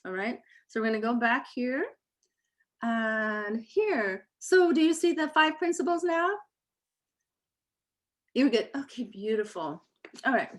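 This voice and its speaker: A woman leading a Reiki meditation circle over a video call, talking gently and hesitantly with many fillers, then reciting principles slowly and calmly. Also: a little high. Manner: slow, calm recitation.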